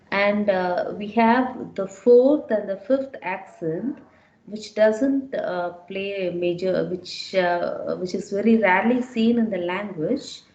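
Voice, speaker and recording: A woman's voice: mid-range voice, a little mellow, muffled recording. A woman teaching a French class, explaining step by step and repeating words so students can follow. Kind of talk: classroom lecture. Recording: echoey room.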